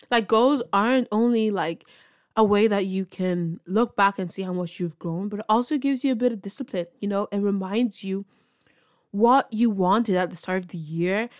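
A young woman talks through her own podcast in a loose, chatty way. She is self-deprecating and encouraging, and she laughs easily. Her voice sits at a middle pitch and is recorded close and dry, with no room sound. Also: no room sound. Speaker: podcast host. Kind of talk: casual solo podcast chat.

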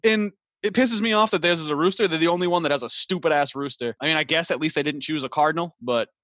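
A man's voice: on the high side, quick pace, bright, forceful tone, dry recording. A man co-hosting a podcast, complaining sarcastically and with exasperation in casual banter. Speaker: podcast co-host.

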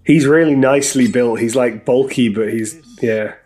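A man's voice: mid-range voice, moderate pace, a little mellow. Skeptical man arguing over a film. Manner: skeptical, argumentative, dry. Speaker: film watch-along co-host. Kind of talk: casual reaction chat over a film. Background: faint film soundtrack music.

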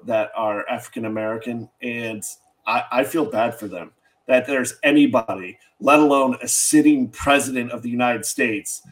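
A man's voice: mid-range voice, poor audio. A man co-hosting a political talk show, speaking bluntly with open disgust and mockery.

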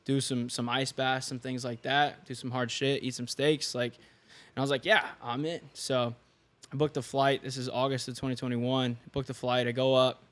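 A young man chats on a podcast as a guest, spinning a story with lively energy. He acts out the lines of the people he quotes and laughs easily. His voice sits at an ordinary middle pitch. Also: moderate pace. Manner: animated, laughs often, acts out quoted dialogue. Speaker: podcast guest, online fitness coach. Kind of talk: casual storytelling chat.

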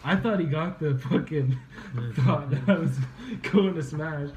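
A man's voice: fairly high pitch, measured pace, darkish tone, reverberant, a little hiss or hum. A young man hosting a podcast, telling a rambling story in casual chat, laughing and swearing as he goes. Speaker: podcast host. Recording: slightly dull lo-fi podcast audio, faint ambience.

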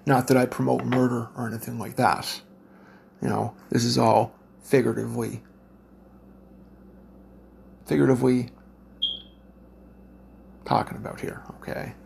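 A man rambles through a story, swearing in nearly every line. His voice is deeply gravelly and full of fry. He talks bluntly and loosely, with faint noise under the recording. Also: little pitch movement, normal speed, pauses often, darkish tone. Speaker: parent telling a story to listeners. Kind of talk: profane storytelling rant.

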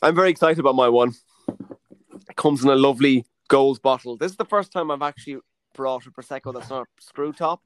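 A man co-hosting a podcast over a video call, jokey and quick in casual chat. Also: medium pitch, no room sound. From Ireland. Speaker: podcast co-host.

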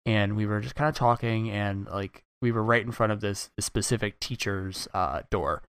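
A man's voice: on the low side, normal speed, a bit bright, smooth, dry recording, studio quality. A young man hosting a podcast, telling stories casually and animatedly with many fillers. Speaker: podcast host. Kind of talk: casual chat.

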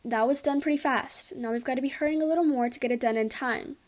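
A woman reading the part of a formal, steady man who runs a village ritual, giving measured directions. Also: sits high, close to an everyday voice.

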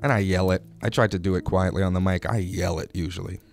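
Male comedy host, lowish voice, deadpan absurd monologue, faint music underneath. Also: quick pace, creaky. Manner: absurd, drawling, playful asides.

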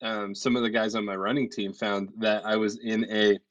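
Laid-back man, low voice. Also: little pitch movement, moderate pace, a bit bright, muffled recording. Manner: laid-back, hesitant, many fillers. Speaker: podcast co-host, pastor. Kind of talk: casual chat. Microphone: remote call.

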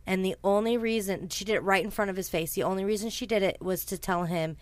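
Smooth-voiced woman recounting true crime. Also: mid-range voice, fairly even intonation, fast talker, hardly any pauses, no echo. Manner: chatty, swears, frequent ums and asides. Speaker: podcast host. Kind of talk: casual true-crime storytelling.

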